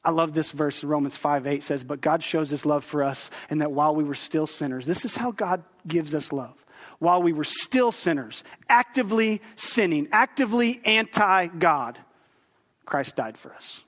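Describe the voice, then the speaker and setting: A man in his thirties preaches with a high, bright-pitched voice, keeping the sermon conversational and dropping joking asides to the congregation. His voice rings out with the long reverb of a church hall. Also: expressive, moderate pace. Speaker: pastor. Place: church sanctuary.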